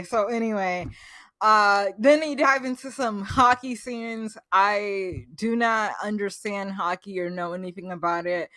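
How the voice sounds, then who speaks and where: A woman's voice: mid-range voice, steady tone, unhurried, pushed and bright, no echo, studio quality. A woman vlogger recapping a show in a gushing, enthusiastic, chatty way, full of fillers. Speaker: reaction vlogger. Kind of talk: casual reaction recap.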